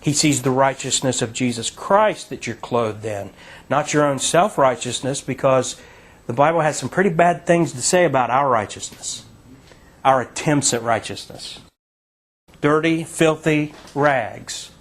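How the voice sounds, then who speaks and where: A man's voice: mid-range voice, measured pace. A man leading a Bible study in a conversational, emphatic teaching style, asking listeners to read verses aloud.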